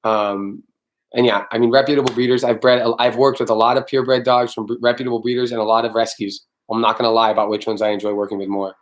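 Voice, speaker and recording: A man's voice: mid-range voice, level tone, fast talker. A man hosting a casual live-stream Q&A as a dog trainer, talking bluntly, swearing freely and answering viewers by name.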